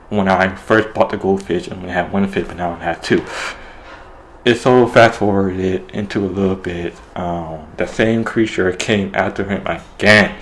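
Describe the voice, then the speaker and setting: A man's voice: low voice, low-quality recording. A man casually retelling a TV episode, rambling with lots of fillers. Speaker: show reviewer.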